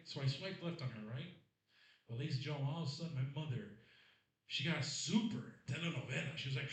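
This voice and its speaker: A young man doing stand-up, chatty and teasing the audience, in a voice a bit high for a man. He sounds distant in a very echoey club room. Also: expressive, fast talker. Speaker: stand-up comedian. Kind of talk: stand-up comedy set. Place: comedy club stage.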